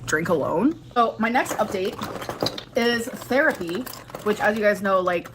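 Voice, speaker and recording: A woman's voice: mid-range voice, animated, a little slow, noisy background. A young woman vlogging to her viewers, chatty and rambling, filling her speech with "like" while she does her makeup. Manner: chatty, rambling, heavy use of "like". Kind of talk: casual vlog talking to viewers.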